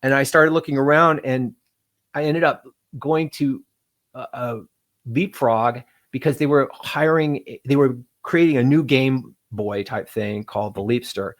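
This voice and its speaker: A middle-aged man, a game developer as interview guest, telling animated stories and acting out quotes in voices. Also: medium pitch, a little slow. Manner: animated, acts out quotes in voices, laughs often. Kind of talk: casual storytelling interview.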